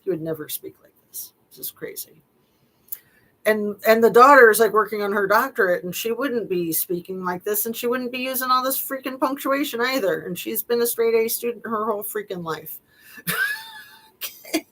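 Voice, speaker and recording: A woman's voice: fairly high pitch, a little fast, a bit bright, poor audio. A middle-aged woman reading text messages aloud and commenting on them casually, with wry, skeptical asides and frequent fillers. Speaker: true-crime commentator.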